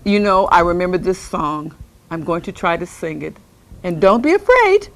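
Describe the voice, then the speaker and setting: A woman playing an eccentric, scatterbrained older lady in a comedic monologue, rambling and chatting with invisible companions. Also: moderate pace. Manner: lively, swooping pitch.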